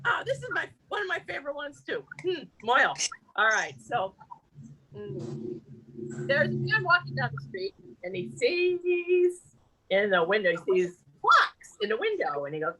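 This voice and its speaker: A woman telling jokes to a live audience at a community evening, animated, laughing at her own punchlines and shifting her voice for each character. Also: high voice, moderate pace, rough recording. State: tired. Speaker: amateur comedian at a community event.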